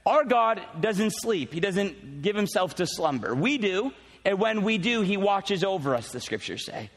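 A male pastor with a high, bright-sounding voice preaches in a conversational, animated way, slipping in teasing asides to his congregation. His voice carries a long reverb from the church hall. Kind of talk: sermon with casual asides.

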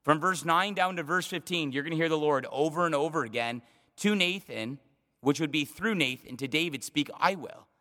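A man's voice: on the high side, brisk, sharp tone, in a large hall. A man preaching a sermon in an earnest way, often repeating words as he builds emphasis. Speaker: pastor.

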